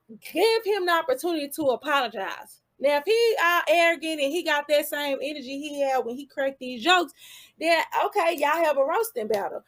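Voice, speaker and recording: A woman's voice: high voice, lively intonation, moderate pace, a bit bright. A woman hosting her own channel, giving casual commentary full of rhetorical questions and asides.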